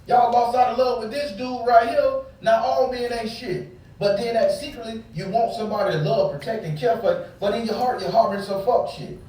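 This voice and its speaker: A man's voice: extremely high pitch, steady tone, a little fast, dark tone, recorded from a distance. A man ranting angrily and profanely in a casual heated talk, preaching at his listeners about relationships. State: angry. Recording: very echoey room, off-mic, faint background hum.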